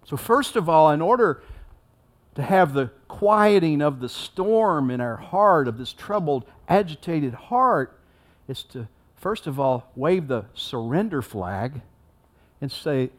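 A man's voice: on the high side, animated, normal speed. A man giving a sermon as a pastor, preaching in a conversational way and acting out the story with rising intensity.

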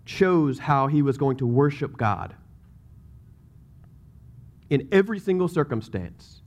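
A man's voice: fairly high pitch, a little mellow. A man, a pastor, preaching a sermon in a conversational way, with joking asides and emphatic scripture readings.

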